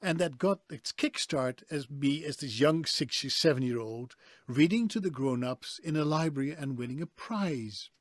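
A man's voice: fairly high pitch, normal speed, no echo. A man with a hard-to-place European-English accent, telling stories animatedly as a voice actor guest on a video call interview. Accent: mixed European-English. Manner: animated, emphatic storyteller. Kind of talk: conversational interview.

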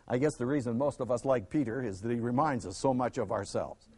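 A man teaching a Bible lesson, dramatic, swinging from loud emphasis to a near hush and acting out the people in the stories. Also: mid-range voice, fairly quick, breathy edge. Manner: acts out quoted speakers in the stories.

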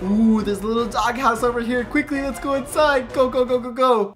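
A woman hosting a gaming video, narrating her game role-play with excited shouts and giggles. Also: fairly high pitch, fairly quick, soft background music. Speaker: gaming channel host.

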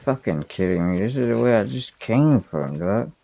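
A man's voice: fairly low pitch, animated, moderate pace, vocal fry, mellow, lo-fi sound. A man giving casual gameplay commentary, muttering frustrated and heavily profane complaints. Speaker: gaming streamer.

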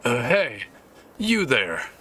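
A man's voice: very animated, takes it slowly, bright, forceful tone, slight background noise, exaggerated voice. A man voicing a pantsless young man who keeps pleading and whining to borrow someone's trousers. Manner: high, wheedling pleas.

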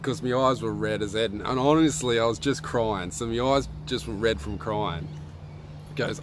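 A young Australian man telling a story to his viewers in a relaxed, slangy way. He laughs often, and his voice jumps up when he gets excited. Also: mid-range voice, moderate pace, slight background noise. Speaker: vlogger. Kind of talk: casual storytelling to live viewers.

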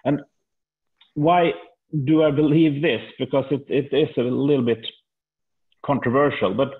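A man from Sweden, a native Swedish speaker, presents survey findings in a webinar, halting and repeating words often. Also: mid-range voice, steady tone, breathy edge. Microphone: video call. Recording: tinny phone-like video call audio.

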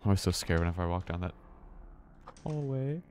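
A man's voice: low voice, monotone, very fast, a little mellow, a little hiss or hum. A man streaming a horror game, talking to himself with nervous laughs and swearing. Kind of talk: casual let's-play commentary.

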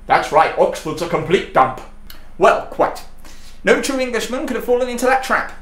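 A man's voice: extremely high pitch, sing-song, moderate pace, a bit bright, full character voice. A man playing a sardonic British army captain who talks in a dry, cutting way. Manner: dry, sarcastic. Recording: roomy echo.

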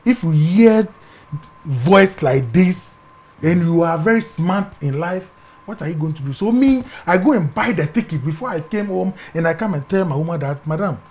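High-voiced Ghanaian man telling a story. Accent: Ghanaian English. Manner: animated, acts out voices in his story, often dropping to a hush. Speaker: interview guest. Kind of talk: personal testimony storytelling.

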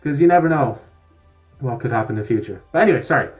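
A young man rambling through a casual vlog, laughing and tripping over his words as he goes. His voice sits at a middle pitch, with faint music playing behind him. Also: animated, quick pace. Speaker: vlogger.

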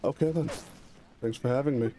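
A young man joking crudely and teasing a friend over voice chat while gaming, with sudden loud outbursts and frequent laughter. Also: medium pitch, fairly quick, slight background noise. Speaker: gamer and channel host.

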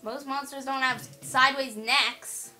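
A woman's voice: high-pitched, fairly even intonation, unhurried, pushed and bright, rough recording. A woman doing let's play commentary on a horror game at her computer, playful, teasing and giggly. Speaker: gamer playing a horror game. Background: faint game music.

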